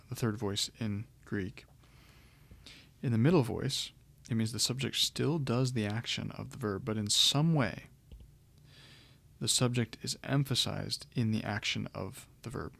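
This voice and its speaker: Male language instructor, gravelly low voice, patient step-by-step lecture delivery. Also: a bit bright. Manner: explanatory, with frequent ums and restarts. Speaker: Greek grammar teacher. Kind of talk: recorded lecture walkthrough.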